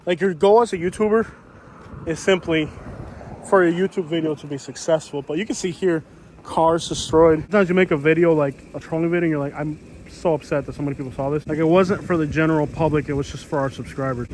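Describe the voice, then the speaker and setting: A man's voice: on the high side, brisk, a little mellow. A man vlogging as he walks an outdoor street, chatty and rambling, with many fillers. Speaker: YouTuber. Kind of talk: walking vlog commentary. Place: outdoors on a storm-damaged street. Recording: faint outdoor street noise.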